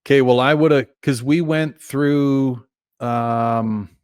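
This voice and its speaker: A man's voice: medium pitch, takes it slowly, darkish tone, clean tone, no echo, clean studio sound. A man from Canada hosting a podcast, laid-back and chuckling, swearing casually. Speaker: podcast host. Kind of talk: casual chat.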